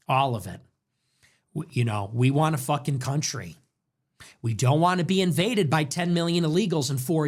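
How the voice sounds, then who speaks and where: A young man hosting his own show, delivering an impassioned political commentary monologue full of rapid rhetorical questions. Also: fairly high pitch. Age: young adult. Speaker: show host.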